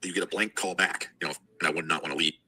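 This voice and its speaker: A man co-hosting a casual true-crime talk, calmly explaining how events played out. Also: sits low, very fast, breathy edge. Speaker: podcast co-host.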